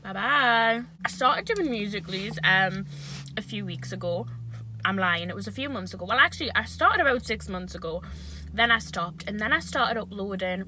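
A woman's voice: medium pitch, expressive, moderate pace, pushed and bright, slight background noise, rough recording. A young woman chatting casually to camera in a mukbang vlog, talking while she eats. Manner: chatty, talks while eating. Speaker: vlogger.

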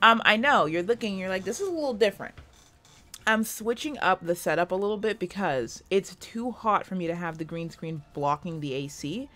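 A woman's voice: fairly low pitch, normal speed, hardly any pauses, pushed and bright. A woman giving casual, chatty gameplay commentary from her room at home, swearing freely. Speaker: gaming video creator.

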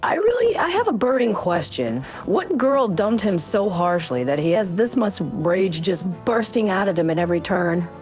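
A woman's voice: mid-range voice, very animated, moderate pace, hardly any pauses, darkish tone, soft background music. A woman co-hosting a reaction commentary, dry and incredulous. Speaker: commentary co-host.

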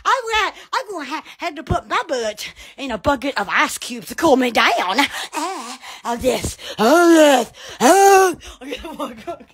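A woman's voice: high voice, sing-song, measured pace, hardly any pauses. Giddy, squealing Southern woman. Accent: Southern American. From Alabama. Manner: giddy, squealing, exclamatory, bursts of shouts and laughter. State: sweating in the heat. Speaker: social media live streamer. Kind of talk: rambling live-stream chat. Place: hot room at home. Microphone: phone.

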